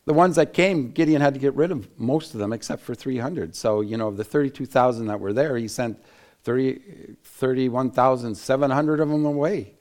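Animated male preacher teaching the Bible. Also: mid-range voice, normal speed. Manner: animated, laughs, acts out quotes, frequent restarts. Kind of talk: sermon-style Bible teaching.

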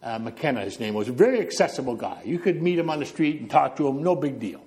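Animated storytelling preacher from New Brunswick. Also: male voice, medium pitch, fast. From New Brunswick, Canada. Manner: storytelling, illustrating with gestures, walking back and forth. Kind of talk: sermon.

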